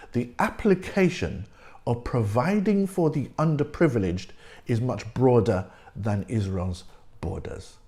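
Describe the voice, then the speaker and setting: Slow, emphatic male pastor preaching. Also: medium pitch, warm tone. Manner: emphatic, repeats key words for stress; reads scripture aloud slowly. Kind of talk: sermon.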